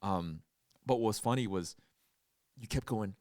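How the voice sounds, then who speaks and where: A man's voice: on the low side, measured pace, a little mellow, no echo, clean studio sound. A young man co-hosting a podcast, chatting casually, laughing often and acting out quotes as he retells a trip. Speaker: podcast co-host. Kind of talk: casual chat.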